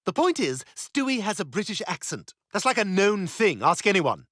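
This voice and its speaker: A man's voice: high-pitched, very animated, moderate pace, fairly bright tone, no echo, studio quality, heavily acted. An actor voicing a snobbish, catty toddler boy who talks in a pompous, sarcastic way. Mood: indignant.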